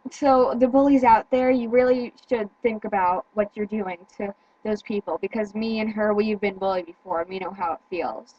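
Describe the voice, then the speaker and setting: A teenage girl in casual chat, speaking earnestly with halting restarts and repeated words. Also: mid-range voice, dark tone, no echo, dull audio. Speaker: teen vlogger.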